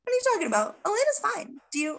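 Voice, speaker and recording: A woman putting on the voice of a creepy, oddly calm man who speaks in a breezy, falsely reassuring way. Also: very high voice, racing, gravelly, voice pushed up, heavily acted. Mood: falsely cheery.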